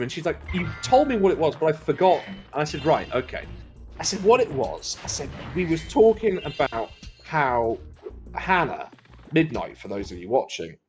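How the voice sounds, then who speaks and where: A Welsh man in casual chat, telling long rambling stories with plenty of swearing and laughter. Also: a little high. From Wales. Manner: rambling storyteller, swears freely, lively laughter. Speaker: co-commentator.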